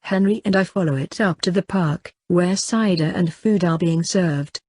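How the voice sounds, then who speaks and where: Low, husky woman narrating an audiobook. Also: normal speed, no echo. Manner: steady, even first-person reading. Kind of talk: scripted narration.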